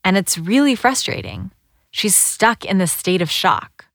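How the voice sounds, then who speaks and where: A woman giving scripted documentary narration in a calm, measured storytelling manner. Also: mid-range voice, dry recording, clean studio sound.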